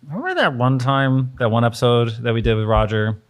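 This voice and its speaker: Easygoing male co-host, lively pitch. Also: fairly quick. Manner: easygoing, reads viewer mail aloud. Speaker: show co-host. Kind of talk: casual chat.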